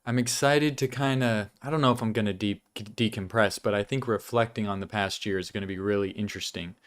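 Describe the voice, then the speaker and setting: A man's voice: fairly low pitch, steady tone, a little fast. A young man hosting a casual weekly vlog, chatting loosely about his life while chewing gum and swearing now and then. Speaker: vlog host.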